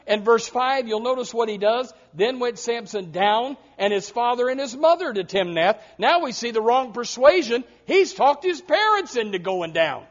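A man preaching a sermon, emphatic, swinging between loud passages and hushed ones. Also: very high voice, expressive, moderate pace, few pauses. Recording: muffled lo-fi sound.

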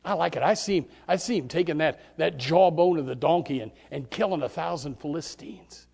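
High-voiced male preacher; sermon, hush-to-shout dynamics, repetitive bursts. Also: a little fast, creaky. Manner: dramatic swings from near-whisper to shouting; repeats words and restarts in bursts.

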